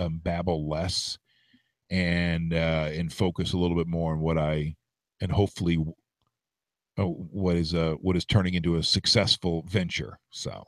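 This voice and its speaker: A radio man from Florida with a lowish voice talks easygoing and self-deprecating as a podcast guest. His voice is recorded dry and close, with hardly any room sound. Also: fairly even intonation, normal speed, no room sound. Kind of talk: casual chat.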